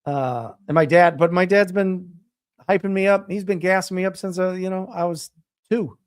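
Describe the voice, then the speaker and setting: A middle-aged man talks in a casual motivational way, animated and emphatic, hammering his points home by repeating them. His voice sits a little higher than most men's. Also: moderate pace, clear, resonant tone. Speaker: real estate coach and show host.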